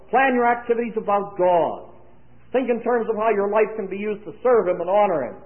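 High-voiced preacher on a tinny recording. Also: male voice. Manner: dry humorous asides. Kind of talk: sermon. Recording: tinny lo-fi, phone-like sound.

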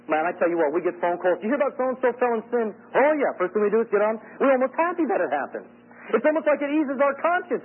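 A middle-aged man preaching with a high, lively voice that climbs and drops as he tells stories. His tone is husky, and the recording sounds thin and phone-like with a low hum under it. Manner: animated, storytelling, swings between loud and hushed. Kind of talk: sermon.

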